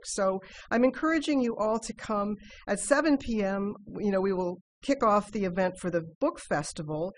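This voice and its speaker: A woman's voice: mid-range voice, slight background noise. A woman, a guest on a radio show, speaking earnestly about an event, with frequent fillers. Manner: earnest, promotional, with many uh fillers. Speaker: guest, development officer.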